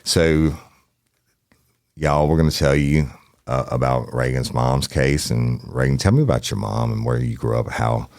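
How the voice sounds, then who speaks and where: A man hosts a true crime podcast from a studio, speaking in a blunt, folksy way. His voice sits extremely low and has a gravelly rasp. The sound is dry and close, with no room echo. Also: steady tone, measured pace, a little mellow. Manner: blunt, folksy, swears casually. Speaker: podcast host.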